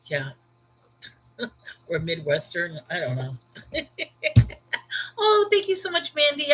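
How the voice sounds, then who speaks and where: A chatty woman in her thirties with a Brooklyn New York accent hosts a casual livestream about the Bible. She talks candidly and with emphasis, addressing her viewers by name in a mid-pitched voice. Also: a bit bright, a little hiss or hum, poor audio. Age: 30s. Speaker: livestream host.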